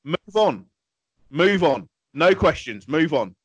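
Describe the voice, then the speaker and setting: A man's voice: on the high side, big pitch swings, takes it slowly, husky. A man co-hosting a comedy podcast, ranting in an exasperated, sweary way. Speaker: podcast co-host. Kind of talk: casual comedy podcast banter.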